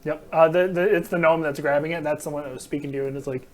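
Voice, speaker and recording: A man with a fairly high voice narrates a tabletop game as its game master. He rambles through descriptions with frequent fillers and breaks into laughs. He is recorded in a game store. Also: steady tone, fast talker.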